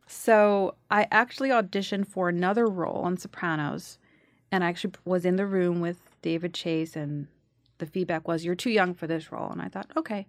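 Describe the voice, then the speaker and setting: A woman's voice: fairly low pitch, fairly quick, dry recording. A woman in her forties, originally from New York, chatting casually as an actress guest and acting out quotes while she tells a story. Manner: animated storyteller, acts out quotes. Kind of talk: casual chat.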